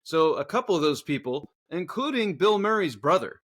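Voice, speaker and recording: Casting note: man, casual podcast co-host, sweary storyteller who shouts out his reenactments, voice sits a bit high. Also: big pitch swings, normal speed. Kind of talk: casual chat.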